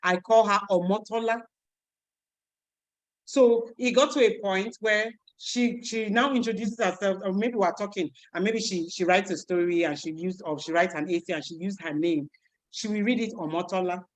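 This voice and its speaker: A woman, a teacher giving an animated talk over a video call, who repeats words and acts out voices. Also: mid-range voice, moderate pace, low-quality recording. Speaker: teacher and guest speaker.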